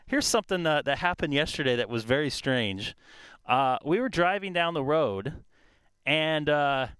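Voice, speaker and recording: A man's voice: mid-range voice, fairly bright tone, clean tone, dry recording, clean studio sound. A man chatting casually and rambling outdoors in a park during a ham radio live stream, with plenty of fillers. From California.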